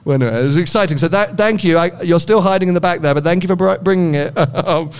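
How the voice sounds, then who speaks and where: A man's voice: high voice, quick pace, clean tone. Chatty British man hosting a podcast. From United Kingdom. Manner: chatty, teasing, laughs often. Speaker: podcast host. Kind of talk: casual interview at a car meet.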